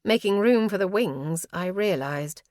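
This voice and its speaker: A woman's voice: medium pitch, lively intonation, a little slow, darkish tone, no room sound, clean studio sound. A woman reading a first-person fantasy audiobook with a tense, dramatic delivery. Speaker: audiobook narrator.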